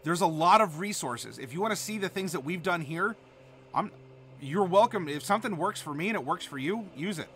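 A man's voice: high voice, animated, fairly quick, a bit bright, a little hiss or hum. A man from Ohio hosting a live stream, chatting casually and answering chat with many fillers. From Ohio, USA. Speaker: streamer host.

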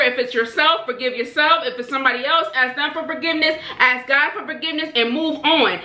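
A fairly high-voiced woman talks straight to her viewers in an impassioned, preacherly way, circling back to the same phrases again and again and calling them baby and honey. Her tone is bright and forceful, and the room around her rings with echo. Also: fairly even intonation, quick pace, hardly any pauses. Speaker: mukbang vlogger. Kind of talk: heartfelt direct-to-camera encouragement.

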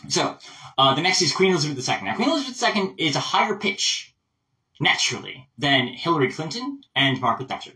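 A man's voice: a little high, quick pace, far from the mic, rough recording. A man giving a casual voice lesson, chatty and full of asides. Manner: chatty, animated, explains with lots of asides. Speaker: voice coach.

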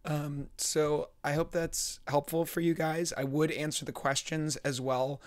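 A man's voice: a little high, level tone, a little slow. A young man, chatting casually to camera and slipping in dry jokes. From California, United States. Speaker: vlogger.

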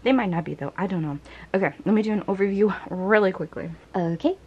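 A woman vlogger in casual unboxing chat, gushing and breathless, sometimes dropping to soft whispers between laughs. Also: mid-range voice, fast talker, slightly rough, dull audio.

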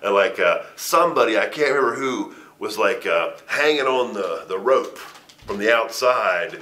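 A man's voice: on the low side, expressive, moderate pace, pushed and bright. A middle-aged man in an interview, telling a story in a casual way with a lot of swearing, laughter and stammered restarts. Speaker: interview guest, wrestler.

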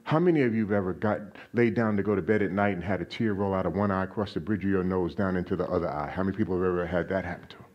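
A man preaching a sermon as a guest speaker in a church, animated, asking the congregation questions and raising his voice on quoted lines. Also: low voice, husky, muffled recording. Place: church sanctuary.

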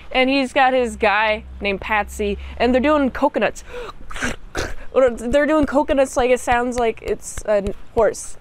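A young woman giving a casual movie recap, chatty and rambling, and laughing as she goes. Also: high-pitched. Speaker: movie reviewer.

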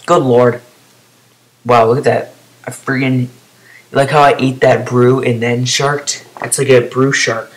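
Young male gamer, casual commentary, mid-pitched, rambling with excited yelps. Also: a little slow, a little hiss or hum, rough recording. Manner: rambling, excitable outbursts, then trailing off quietly. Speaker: gameplay commentator.

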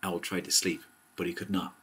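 A man reading a bedtime story aloud in a gentle, even storyteller manner. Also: deep voice, fairly quick.

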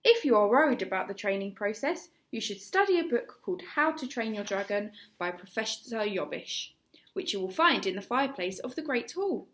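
A woman with an English accent voicing a gruff, scornful male Viking teacher who shouts at his pupils. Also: mid-range voice, expressive, normal speed, natural voice. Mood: lecturing.

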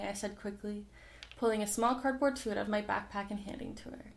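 A woman's voice: mid-range voice, steady tone, brisk, vocal fry. A young woman reading a children's novel aloud, narrating and voicing the characters lightly. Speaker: audiobook reader.

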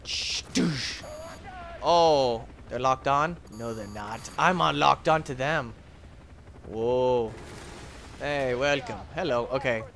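A man hosting a let's play, commentating his own game with excitable jokes and yelps. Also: mid-range voice, slow, creaky, slight background noise. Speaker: gaming channel host.

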